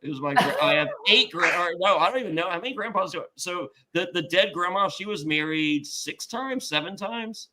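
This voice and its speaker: A man's voice: sits high, lively intonation, brisk, hardly any pauses, noisy background. A man telling stories in casual chat, acting out quotes with big jumps in his voice, swearing and laughing often. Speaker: podcast host and former reality contestant.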